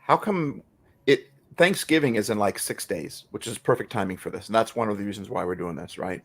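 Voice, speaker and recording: A middle-aged man talking on a podcast in an excited, preachy motivational way. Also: fairly low pitch, fairly quick, creaky. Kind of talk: casual podcast chat.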